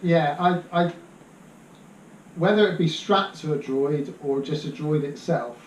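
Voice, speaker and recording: A man, a guest answering questions in a hesitant, mild way that trails off softly. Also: fairly high pitch, measured pace. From Bristol, England. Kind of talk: casual interview chat. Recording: echoey room, distant mic, faint hiss.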